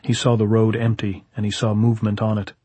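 A man in a studio narrating an audiobook in a measured, steady reading. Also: fairly low pitch, slightly rough, dry recording.

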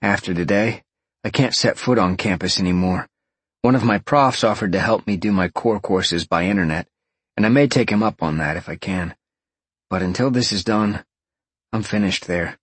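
A man voicing a young lion-shifter man who speaks in a low, soft purr. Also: normal speed, slightly rough, no echo. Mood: resigned.

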